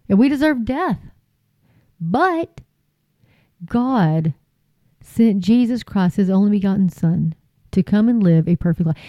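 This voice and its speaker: A woman's voice: medium pitch, dry recording, muffled recording. A woman preaching informally and earnestly to her viewers, folksy and repeating phrases for emphasis. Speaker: Christian YouTube preacher.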